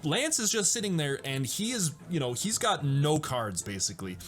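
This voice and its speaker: A man's voice: fairly high pitch, big pitch swings, normal speed, fairly bright tone. A man hosting a casual movie breakdown, enthusiastic and chatty and often laughing as he retells scenes. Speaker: host of a movie breakdown show.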